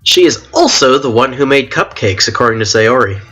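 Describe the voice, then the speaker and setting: A man's voice: medium pitch, expressive, fairly quick, bright, forceful tone. A drunk man streaming a game, reading the story text aloud and laughing as he tries out silly accents. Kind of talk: reading a visual novel aloud on a live stream.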